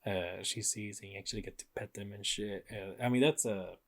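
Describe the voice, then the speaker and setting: Low-ish voiced dude cohosting a podcast, relaxed rambly chat, swears a lot. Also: male voice, a little fast. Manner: laid-back, rambling, frequent fillers and swearing. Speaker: podcast co-host. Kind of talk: casual chat.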